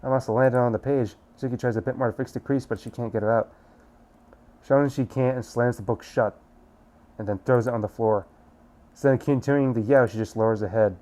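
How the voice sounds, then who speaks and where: A man hosting a let's play, casually reading a visual novel's narration aloud at a quick clip. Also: medium pitch, fairly even intonation, warm tone.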